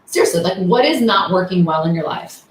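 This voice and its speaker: A woman's voice: fairly low pitch, expressive, brisk. A middle-aged woman coach talking candidly and casually, full of fillers and rhetorical questions. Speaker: coach and host. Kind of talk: casual motivational talk. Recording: echoey room, faint noise.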